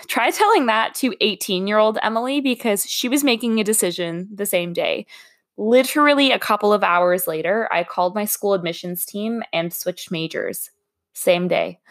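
A woman's voice: mid-range voice, moderate pace. A young adult woman who works as a recruiter, hosting her own podcast in a candid, chatty monologue with self-deprecating humor.

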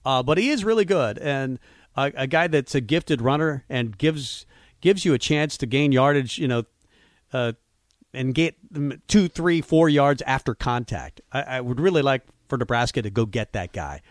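Male sports radio co-host, mid pitch, conversational and musing, dry close studio sound. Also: expressive, moderate pace, no room sound. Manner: conversational, musing, frequent fillers. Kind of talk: casual sports talk.

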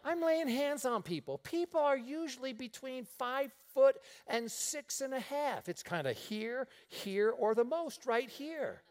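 Male pastor, high voice that leaps all over, animated story-driven sermon. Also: a little slow, few pauses. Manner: animated storytelling with frequent laughter.

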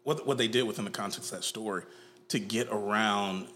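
A man co-hosting a podcast, talking casually and getting animated, with playful put-on voices. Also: lowish voice, a little fast. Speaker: podcast co-host. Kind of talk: casual chat.

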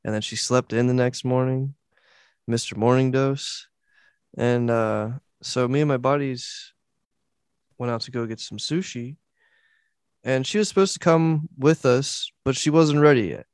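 A man's voice: medium pitch, unhurried, a little mellow, smooth, no room sound, clean studio sound. A man hosting a podcast, telling a story casually and quoting what people said. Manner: casual, many fillers and restarts, quotes voices. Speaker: podcast host.

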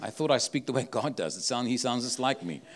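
A man's voice: medium pitch, lively intonation, fairly quick. A man with an accent preaching a sermon, emphatic and full of rhetorical questions. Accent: non-local accent.

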